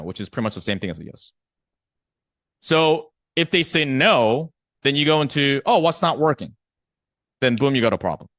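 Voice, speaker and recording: A man coaching a live online sales class, his pitch swinging up and down with lots of life. He talks casually, slips into the voices of prospects, and keeps checking in with his listeners. The sound is dry and close, with almost no room echo. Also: a bit bright. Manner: conversational, acts out prospect replies, checks in with "right?".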